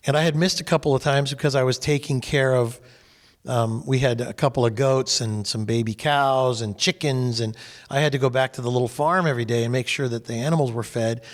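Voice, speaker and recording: A man's voice: medium pitch, fairly quick, big-room sound. A man from California tells a personal story while leading a faith discussion group, acting out the people in it. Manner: animated, acts out quoted people.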